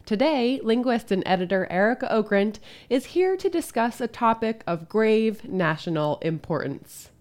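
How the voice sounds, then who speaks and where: A woman's voice: on the high side, animated, moderate pace, few pauses, darkish tone. A woman hosting an audio explainer show, reading a scripted intro in a welcoming announcer manner. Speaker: podcast host.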